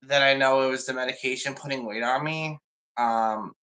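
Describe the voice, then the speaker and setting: Man, livestream chat, rambling, emotional, bright forceful voice. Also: medium pitch, normal speed, smooth, rough recording.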